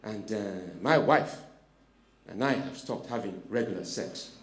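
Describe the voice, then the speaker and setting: A man performing stand-up comedy on a club stage, teasing the audience and swinging between hushed asides and sudden shouts into a handheld mic. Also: fairly low pitch, unhurried.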